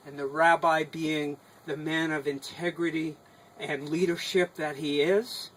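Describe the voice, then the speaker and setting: Male storyteller, slow paced, slightly high voice, dramatic, live folk tale in a small outdoor booth. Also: a little hiss or hum, rough recording. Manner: dramatic, animated, with sudden shifts in loudness.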